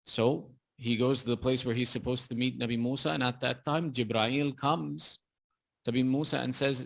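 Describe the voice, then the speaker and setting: A man preaching a sermon, retelling a story in a lively, dramatic way. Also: mid-range voice, normal speed, gravelly.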